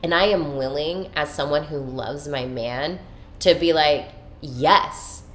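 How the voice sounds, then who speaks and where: At a measured pace and in a voice that sits low, a podcast host gives a candid, emotional monologue about her inner life. She swears freely and uses the language of spiritual self-help.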